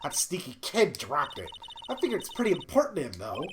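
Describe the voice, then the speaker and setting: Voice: medium pitch, wildly swooping pitch, fairly quick, background noise, pitched below the performer's own voice. A streamer voicing a cranky old woman security guard who huffs and puffs between her words. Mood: grumbling. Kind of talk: reading game dialogue aloud on stream.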